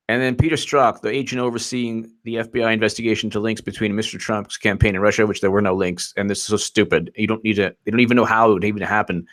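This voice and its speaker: A man's voice: lowish voice, fairly even intonation, fairly quick, a bit bright. A man giving rambling, sarcastic political commentary on a livestream, often mocking quotes in put-on voices.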